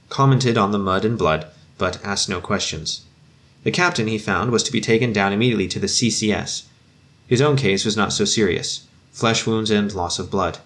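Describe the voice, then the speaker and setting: A man narrating an audiobook with a lowish voice. He reads in a measured, solemn way, slowing for weighty moments. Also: fairly bright tone. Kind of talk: audiobook reading.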